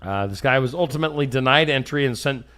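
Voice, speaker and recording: A man's voice: mid-range voice, quick pace, a bit bright, smooth. A man hosting a casual morning show, reading odd news stories in a joking way. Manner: jokey, reads odd news stories and puts on silly voices. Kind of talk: casual radio show banter.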